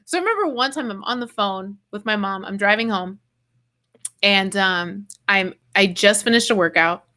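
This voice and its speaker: A woman hosting a podcast, telling a personal story in animated casual chat with quick asides. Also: medium pitch. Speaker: podcast host.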